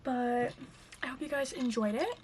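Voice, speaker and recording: High-pitched young woman vlogging a storytime, chatty, lots of likes and ums, bit of faint hiss. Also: normal speed, a little mellow. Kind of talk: casual storytime chat.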